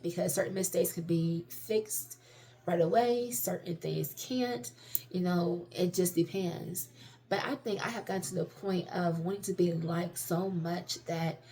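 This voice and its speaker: A woman's voice: fairly low pitch, mellow. A woman talking candidly in a casual personal monologue, rambling and self-reflective, swearing freely. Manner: self-reflective, many restarts and fillers. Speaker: vlogger sharing personal reflections.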